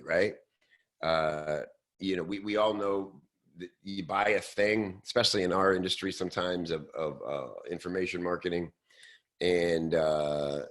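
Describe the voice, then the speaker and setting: A man hosting a show, talking casually and loosely with many fillers and restarts, now and then slipping into quick mock voices. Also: low voice. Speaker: host. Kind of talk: casual podcast talk.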